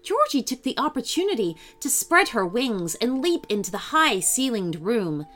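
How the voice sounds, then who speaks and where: Lively woman reading a children's story. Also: fairly high pitch, normal speed, a little hiss or hum. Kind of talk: scripted narration.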